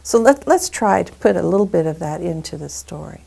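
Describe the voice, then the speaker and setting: A woman's voice: fairly low pitch, lively intonation, a little fast, gravelly, mellow, breathy edge, rough recording. A woman practicing a story aloud, dwelling dramatically on sound words.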